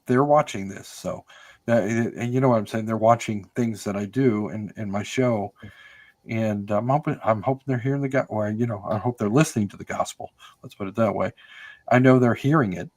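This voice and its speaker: An older American man appears as a casual podcast guest, telling stories conversationally in a rambling way with lots of fillers and restarts. His voice is lowish and darkish in tone.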